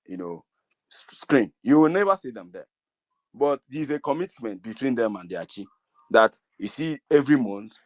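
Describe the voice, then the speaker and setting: A man's voice: mid-range voice, dry recording. A middle-aged Igbo man with a Nigerian accent, speaking earnestly to an online meeting and pleading with his listeners. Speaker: community speaker.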